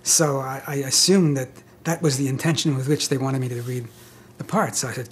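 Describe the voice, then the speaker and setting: An older man in an interview, telling anecdotes in a wry, self-deprecating way with soft laughs. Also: medium pitch, steady tone, fairly quick, slight background noise. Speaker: interviewee, actor.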